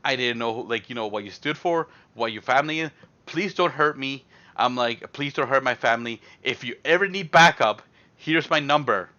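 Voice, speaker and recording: A man's voice: medium pitch, moderate pace, bright, forceful tone, highs cut off. A young man telling a rambling story on a live stream, with lots of fillers and acted-out quotes.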